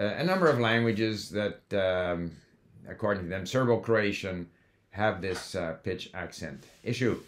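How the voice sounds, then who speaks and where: A man with a somewhat low voice talks in a relaxed, conversational monologue. He is older and from Canada, and he drifts into side stories, dropping in fillers and restarting sentences as he goes. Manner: conversational, digressive, with fillers and self-corrections. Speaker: language learning host. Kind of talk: casual monologue.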